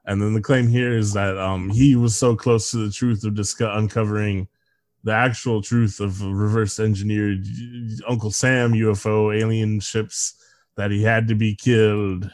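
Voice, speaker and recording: Deep-voiced sardonic man in his thirties. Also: little pitch movement, normal speed, dry recording. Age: 30s. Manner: sardonic, dark humor, laughs often. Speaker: podcast co-host. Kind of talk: casual conversational podcast.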